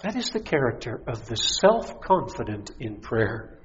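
A man's voice: medium pitch, big pitch swings, measured pace, long reverb tail, slight background noise. A middle-aged man, a pastor, preaching a sermon with rising intensity and mocking voices. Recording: dull lo-fi recording.

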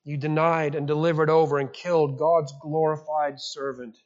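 A man's voice: a little high, flat delivery, moderate pace, a little mellow, muffled recording. A male pastor preaching a sermon in an emphatic style, asking rhetorical questions.

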